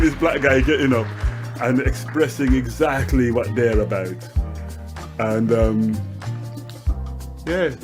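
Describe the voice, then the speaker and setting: An older man touched by tells stories in an animated, playful way, laughing and doing voices. His pitch sits in the middle of the range, and music plays underneath. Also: takes it slowly, long pauses, a crowd in the background. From Birmingham, England. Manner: animated storyteller, slips into character voices and laughs. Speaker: interviewee, poet. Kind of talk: storytelling interview.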